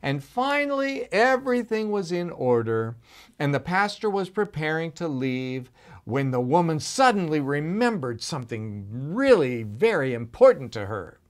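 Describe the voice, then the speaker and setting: A man telling a children's story at a church service, animated, with frequent restarts and questions to his young listeners. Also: fairly high pitch, a little slow.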